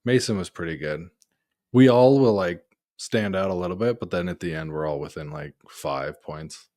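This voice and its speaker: A man's voice: sits low, moderate pace, darkish tone. Laid-back joking podcast guy. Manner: laid-back, jokey, quotes others in put-on voices. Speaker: podcast co-host. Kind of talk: casual chat. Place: small home studio room.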